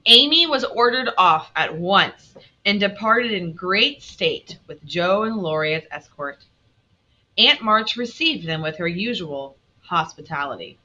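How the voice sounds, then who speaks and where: A woman teacher reading a novel aloud to her class, expressive, stopping to quiz her students. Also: lowish voice, muffled recording.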